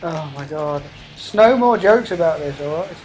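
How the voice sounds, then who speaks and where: A woman talks over a co-op game, her voice swinging widely in pitch as she yelps and laughs. She swears mildly and chatters nonstop, with faint game music underneath. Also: lively intonation, unhurried, a little mellow, poor audio. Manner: exclaiming, laughing, mild cursing. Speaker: let's play host. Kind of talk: casual co-op gameplay chat.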